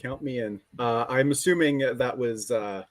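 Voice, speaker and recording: A man co-hosting a casual podcast, deadpan and curt in his replies. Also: mid-range voice, unhurried, no echo. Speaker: podcast co-host.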